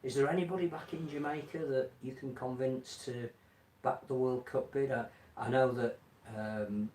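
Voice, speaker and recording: Man, host, wordy measured question, off-mic, echoey room, faint ambience. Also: mid-range voice, darkish tone, far from the mic, slight background noise. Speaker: host interviewer. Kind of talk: interview question.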